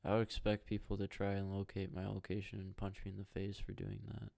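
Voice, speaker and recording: A young man runs a loose, foul-mouthed solo podcast, bouncing between jokes and out-loud reactions to the hockey game he's watching. His low voice has a gravelly, fried edge, and he talks in a brisk monotone as he rambles.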